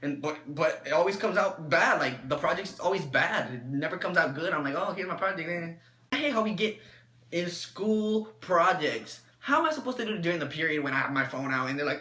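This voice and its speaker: A teenage boy ranting to camera in a comedic, animated way, acting out his own exchanges. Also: a little high, brisk, reverberant. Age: teens. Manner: animated, exaggerated, acts out exchanges. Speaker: vlogger.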